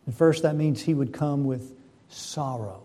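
A man's voice: on the high side, unhurried, dark tone. A man preaching a sermon, reading scripture and building to fervent emphasis. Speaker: pastor.

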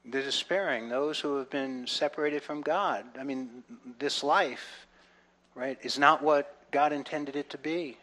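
A man giving a conversational Bible teaching, earnest, often checking in with the listeners and swinging between soft reflection and loud excitement. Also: mid-range voice, a little slow.

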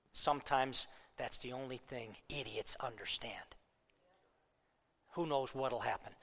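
A man preaching a fiery political sermon, worked up, swinging between loud outbursts and low asides. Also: big-room sound.

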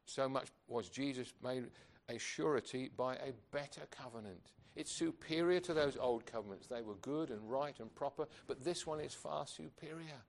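A man's voice: mid-range voice, normal speed, creaky, hardly any pauses. A man preaching a sermon, earnest and emphatic, asking rhetorical questions of his congregation.

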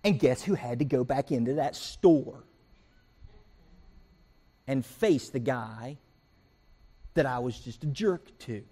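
A man's voice: mid-range voice, takes it slowly, pauses often, slightly rough. A man preaching a sermon as pastor, telling everyday stories and acting out the people in them. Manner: animated storytelling, acts out quoted voices and rants.

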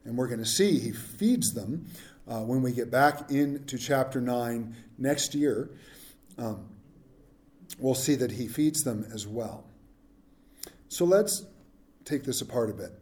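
A pastor preaching a sermon in a humorous, conversational way, often putting questions to the congregation. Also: male voice, mid-range voice, expressive, slow, pauses often, a little mellow, reverberant.

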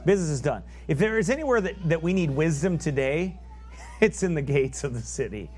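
A man preaching a sermon, fervent and emphatic, swinging from loud peaks down to low asides and reading scripture in old biblical wording. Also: lively intonation, brisk.

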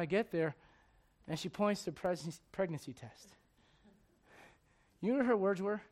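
A man in his forties preaching a sermon. He moves from loud urging to quiet confiding. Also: high-pitched. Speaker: pastor.

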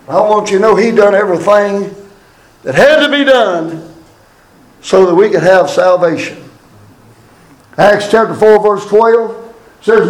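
A man preaching a funeral sermon, loud and fervent, with drawn-out lines. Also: high voice. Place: church or funeral hall. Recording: echoey room from far off.

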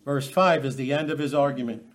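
A man's voice: medium pitch, fairly quick. A middle-aged man preaching a sermon, emphatic and full of rhetorical questions.

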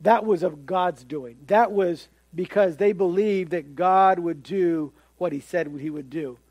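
A pastor preaches a sermon at a measured pace in a high, lifted voice, the sound dry and close with no echo or room around it. Animated, he slips into the voices of those he quotes and stumbles over repeated words as he gets carried along.

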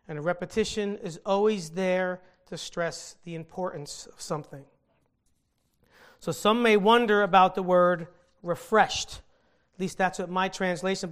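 Earnest Bible teacher explaining scripture. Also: medium pitch. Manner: earnest, explains original-language words.

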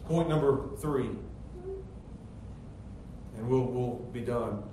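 A middle-aged pastor preaching a sermon with emphatic, rising rhetorical questions. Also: male voice, mid-range voice, takes it slowly, mellow. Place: church sanctuary. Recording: very echoey church hall, distant mic, faint noise.

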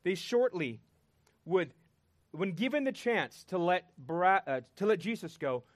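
A man preaching a sermon, earnest and emphatic, pausing and repeating words for weight. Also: high-pitched, very animated, no echo.

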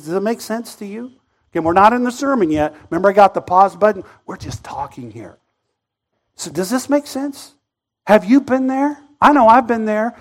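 A man's voice: extremely high pitch, a bit bright. A man preaching a sermon in a conversational way that builds to impassioned pleading. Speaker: pastor.

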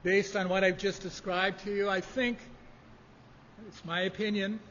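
High-voiced preacher in a reverberant hall. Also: male voice, flat delivery, fairly bright tone, a little hiss or hum. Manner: measured, emphatic preaching. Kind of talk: sermon. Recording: dull lo-fi audio in a reverberant hall.

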